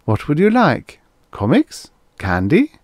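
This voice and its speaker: A man's voice: on the high side, huge pitch swings, takes it slowly, no echo, pitched above the performer's own voice, full character voice. A man voicing a cheerful male robot street vendor with chirpy, mechanically polite sales patter. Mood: chirpy salesman.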